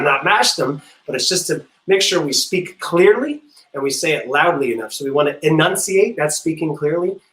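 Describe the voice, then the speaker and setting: A man teaching a music class, playful and encouraging, leading silly vocal warm-ups and singing notes to demonstrate. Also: on the high side, roomy sound, low-quality recording. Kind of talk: online music class for kids.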